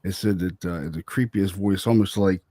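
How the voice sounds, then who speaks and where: A man's voice: low-pitched, normal speed, warm tone, dry recording, studio quality. A man, a paranormal investigator, telling a story in a loose, chatty way, full of "man" and "you know". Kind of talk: casual storytelling.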